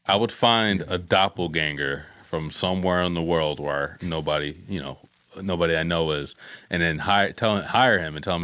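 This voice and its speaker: A man co-hosting a podcast in casual chat, making quick asides and laughing while he talks. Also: low voice, bright, forceful tone, dry recording. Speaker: podcast co-host.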